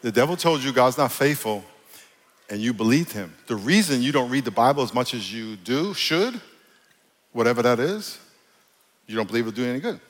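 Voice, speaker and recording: A man's voice: mid-range voice, expressive, brisk. A man preaching a sermon as pastor, emphatic and joking with the congregation in a church hall. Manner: emphatic, preachy, jokey with crowd.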